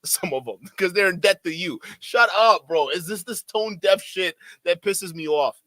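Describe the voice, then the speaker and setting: A man's voice: sits high, normal speed, fairly bright tone, no echo. A man doing reaction commentary in a profane, sarcastic way, laughing often. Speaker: YouTube commentator.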